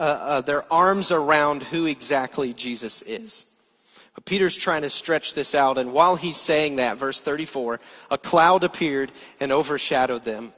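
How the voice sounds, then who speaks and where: A man's voice: fairly high pitch, fairly bright tone. Guy preaching a sermon in a big echoey church hall, explains stuff, asks the room questions. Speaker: pastor. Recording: long hall reverb.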